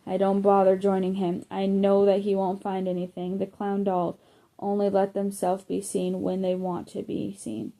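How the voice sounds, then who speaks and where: A woman's voice: mid-range voice, monotone, moderate pace, vocal fry, warm tone. A woman narrating a first-person middle-grade audiobook, reading plainly with occasional slips and self-corrections. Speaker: audiobook reader.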